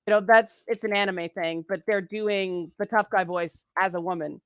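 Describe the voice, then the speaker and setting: A middle-aged woman chats casually as co-host of a livestream, animated and quick to act out examples. Her voice sits at an ordinary middle pitch. The sound is dry and close, with no room around it. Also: clean tone, dry recording.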